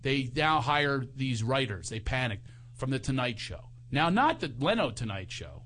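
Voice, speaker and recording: A man, a comedian guest, telling comic stories in conversation with an animated, self-mocking manner and frequent laughter. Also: mid-range voice, moderate pace, slight background noise.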